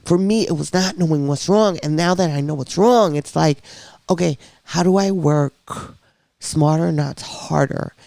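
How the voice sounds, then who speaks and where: A middle-aged woman telling her own story in a casual interview, animated, blunt and candid. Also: deep voice, a little slow, vocal fry, no room sound. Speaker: podcast guest sharing her diagnosis story.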